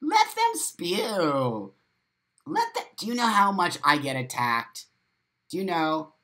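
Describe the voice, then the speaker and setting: A man's voice: a little high, moderate pace. A man hosting a live morning stream, reading viewer comments aloud and reacting to them with emphatic, profane, repetitive talk. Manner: animated, with sudden loud exclamations. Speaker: host of a live morning show.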